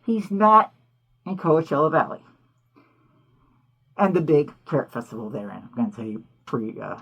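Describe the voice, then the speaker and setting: A woman hosting a cartoon commentary, talking in an animated, indignant way full of rhetorical questions. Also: low voice, normal speed, slightly rough, muffled recording. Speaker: host.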